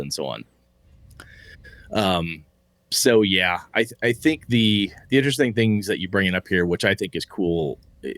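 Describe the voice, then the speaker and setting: A man's voice: on the low side, a bit bright, no echo. A man co-hosting a casual podcast, rambling and swearing freely as he reads listener mail. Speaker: podcast co-host.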